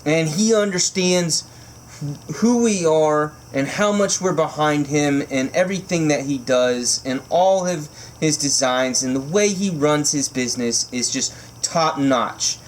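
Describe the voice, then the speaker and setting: A man unboxing a knife for his vlog, gushing and giggling, so excited he says it makes him emotional. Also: fairly high pitch, unhurried, slight background noise. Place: indoors at home by candlelight.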